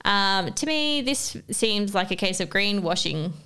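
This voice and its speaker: A woman's voice: medium pitch, expressive, a little slow, sharp tone, clear, resonant tone. An Australian woman co-hosting a casual chat, reading out news items with wry asides. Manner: wry, reads out stories with asides. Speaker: podcast co-host.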